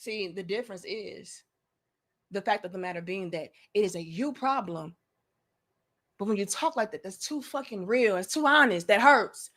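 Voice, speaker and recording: A woman's voice: mid-range voice, expressive, moderate pace, a bit bright. A young adult woman, delivering a blunt, profane, preachy opinion monologue as a commentary show host.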